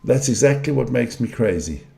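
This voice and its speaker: A middle-aged man gives running live commentary on a game he is watching. He is openly frustrated, blunt and prone to swearing. His voice is mid-pitched with a dark, mellow tone. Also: lively intonation, normal speed, gravelly. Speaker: fan commentator.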